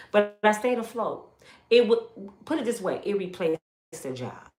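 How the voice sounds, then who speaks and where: A woman in her fifties telling her life story as a testimony, acting out the voices of others and swinging from loud exclamations to hushed asides. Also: medium pitch. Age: 50s. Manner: animated, acts out others' voices in quotes. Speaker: YouTube storyteller. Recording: roomy echo.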